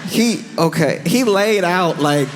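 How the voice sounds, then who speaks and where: A man performing a stand-up comedy set on a club stage, telling a story with animated acted-out scenes. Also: high voice, slow, heavy background noise.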